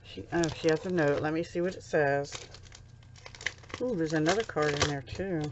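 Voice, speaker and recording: A woman's voice: sits low, normal speed, dull audio, background noise. A middle-aged woman from the USA chatting casually on her crafting vlog, gushing and easily touched as she unboxes handmade cards at home. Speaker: crafting vlogger.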